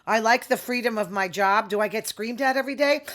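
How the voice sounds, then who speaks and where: A woman's voice: fairly high pitch, brisk, a bit bright. A middle-aged woman, hosting a casual opinion monologue with sarcastic asides. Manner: chatty, sarcastic asides, quoting others in voices. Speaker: podcast host.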